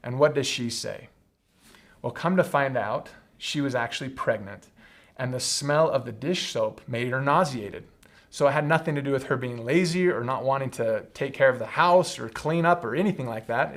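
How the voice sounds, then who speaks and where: A man in young adulthood leads a live training session for his team. His voice sits at an ordinary pitch and he talks earnestly, tossing in "right?" to keep listeners with him. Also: normal speed, fairly bright tone. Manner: earnest teaching tone, frequent "right?" tag questions. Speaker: host of a leadership training talk. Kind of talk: live-streamed training talk.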